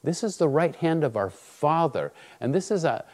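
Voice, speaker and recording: A man preaches a sermon, animatedly telling a personal story and acting out its dialogue. His voice sits on the high side, at normal speed.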